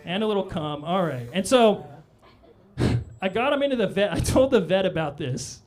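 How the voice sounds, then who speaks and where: A man's voice: sits high, lively intonation, moderate pace, darkish tone. A man performing a stand-up comedy set on a club stage, with a loose, rambling delivery full of "all right?" asides.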